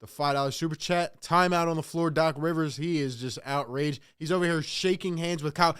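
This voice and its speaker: A man's voice: on the high side, fairly quick, hardly any pauses, fairly bright tone, smooth. A man hosting a live play-by-play reaction stream, calling the game casually and venting in exasperation while he talks to his chat.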